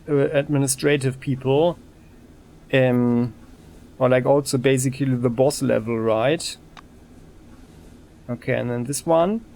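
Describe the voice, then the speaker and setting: Slow-talking let's play host. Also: male voice, medium pitch, a little mellow, slight background noise. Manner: slow, musing, with restarts. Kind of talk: casual gameplay commentary.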